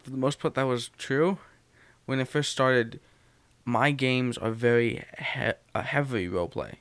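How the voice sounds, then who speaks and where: A man's voice: mid-range voice, measured pace, dry recording. Joking man swapping game stories. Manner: joking, animated storyteller. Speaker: game master. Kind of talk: casual chat.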